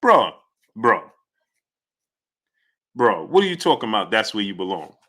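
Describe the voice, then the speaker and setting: A man hosting a livestream about boxing, excitable and reading out viewer messages, swinging between loud outbursts and muttering. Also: lowish voice, unhurried. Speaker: host.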